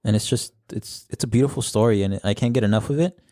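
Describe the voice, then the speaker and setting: Casting: young male podcast host, low mellow voice, laid-back, switches between English and Spanish, dry close sound. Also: quick pace, no room sound. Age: young adult. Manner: relaxed, mixes English with Spanish phrases. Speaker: podcast discussion leader. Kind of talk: casual podcast chat.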